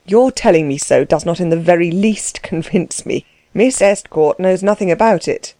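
A woman voicing a calm, unflappable gentleman who speaks in a cool, measured, ironic way. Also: fairly low pitch, dry recording, studio quality, lightly acted. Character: calm, dry-witted gentleman, kindly and unflappable. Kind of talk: audiobook character voice.

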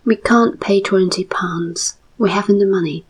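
A woman reading the lines of a sullen young chief's son who pleads in a low whine, in a breathy whisper. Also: flat delivery, moderate pace, darkish tone, full character voice. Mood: pleading.

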